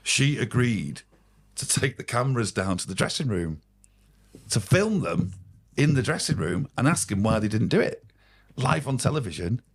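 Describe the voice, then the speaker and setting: A man's voice: mid-range voice, big pitch swings, normal speed, slightly rough. A man, a podcast guest, telling rambling, swearing anecdotes in casual storytelling.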